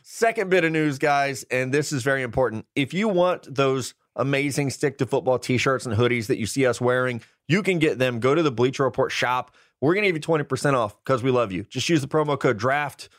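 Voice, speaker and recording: A man in his thirties hosts a sports podcast in an upbeat, joking way, full of quick asides. His voice sits at a middle pitch. It is close-miked in a dry studio with no room sound. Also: animated, no room sound. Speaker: podcast host. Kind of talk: casual sports podcast chat.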